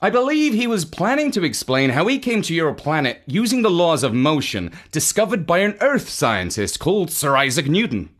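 A polite, earnest young boy in a storybook, his voice lifted high and bright, as a woman puts him on. He speaks with a lively, animated swing through his sentences and a soft, breathy edge. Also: normal speed, hardly any pauses.

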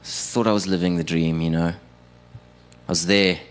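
Low-voiced young South African man, self-deprecating stand-up, loose and chatty with the room. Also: fairly even intonation, a little slow, smooth. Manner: self-deprecating, conversational with the audience. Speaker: stand-up comedian and radio producer. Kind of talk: stand-up comedy set. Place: live stage performance.

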